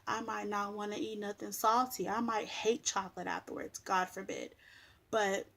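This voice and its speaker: A woman's voice: medium pitch, steady tone, normal speed, creaky, fairly bright tone. A young woman venting on her vlog, blunt and sassy, swearing freely as she complains about people telling her what to eat. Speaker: vlogger. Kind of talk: casual vlog rant.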